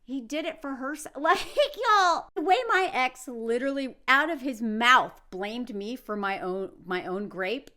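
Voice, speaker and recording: A woman's voice: a little high, expressive, measured pace, hardly any pauses, bright, forceful tone. A woman vlogger giving casual commentary, blunt and sarcastic, talking straight to her viewers.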